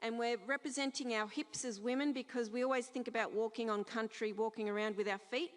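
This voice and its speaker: Croaky-voiced woman giving a welcome. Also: on the high side, fairly even intonation, big-room sound. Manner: speaks softly and proudly, sings slow chants. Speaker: cultural performer giving a welcome. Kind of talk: ceremonial welcome speech and song. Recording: noisy live event recording.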